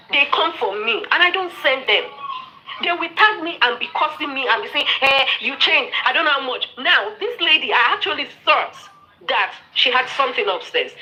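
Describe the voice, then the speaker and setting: A woman's voice: high-pitched, sharp tone, rough recording. A Nigerian woman in her forties hosting a live stream, defiant and dismissive as she rants and talks over others. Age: 40s. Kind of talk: heated live stream rant.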